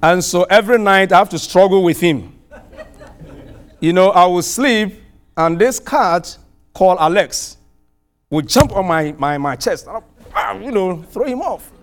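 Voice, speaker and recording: A middle-aged man from outside the US preaching a sermon, telling a personal story with animated, swelling exclamations. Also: high voice, unhurried, pauses often.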